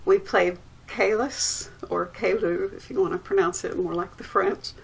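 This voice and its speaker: A woman giving a soft-spoken, unhurried recap of a board game night. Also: fairly low pitch, fairly even intonation, vocal fry, husky, poor audio. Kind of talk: casual recap to camera.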